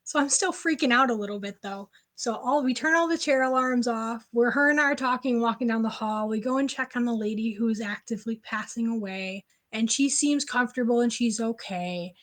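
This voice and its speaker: Chatty woman telling a story, fairly high voice. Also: brisk, hardly any pauses. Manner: animated, frequent "like" fillers. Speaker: podcast guest. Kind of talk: casual interview storytelling.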